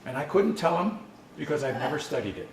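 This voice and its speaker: A man's voice: on the high side, very animated, fast, creaky. A man presenting a language workshop, explaining in a conversational storytelling way with frequent restarts. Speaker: language instructor. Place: conference session room. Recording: echoey room, distant mic, faint noise.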